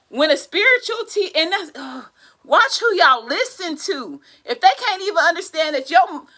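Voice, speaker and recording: High-pitched, bright-toned woman ranting. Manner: profane, exasperated ranting with bursts of laughter; loud outbursts then low muttering. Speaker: tarot reader. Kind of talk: casual tarot reading monologue.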